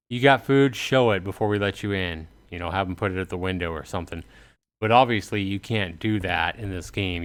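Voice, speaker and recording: A man's voice: low voice, a bit bright, clear, resonant tone. A man casually commenting while livestreaming a game and reading its lines aloud. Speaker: gaming livestreamer. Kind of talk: casual let's-play commentary.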